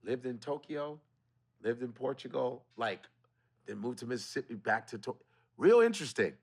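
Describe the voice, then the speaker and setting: A comedian man guesting on a podcast, with a mid-pitched voice. He talks in a laid-back, slangy way and swears casually. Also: lively intonation, normal speed, slightly rough. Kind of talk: casual chat.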